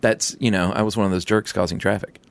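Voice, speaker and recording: A man co-hosting a casual podcast chat, telling relaxed anecdotes. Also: fairly low pitch, fast talker, no echo. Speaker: podcast co-host.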